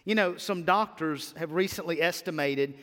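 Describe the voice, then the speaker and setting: A man's voice: fairly high pitch, moderate pace, fairly bright tone. A man pastor preaching an Easter sermon in a church, fervent and emphatic, often stammering and repeating words as he builds. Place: church sanctuary. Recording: long church-hall reverb.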